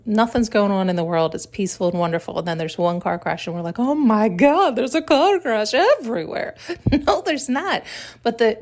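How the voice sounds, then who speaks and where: A woman speaking as a podcast host in a reflective, spiritual monologue. She muses aloud, pauses to search for words and corrects herself mid-thought. Her voice sits at an ordinary middle pitch for a woman. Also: a little mellow. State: tearful at times.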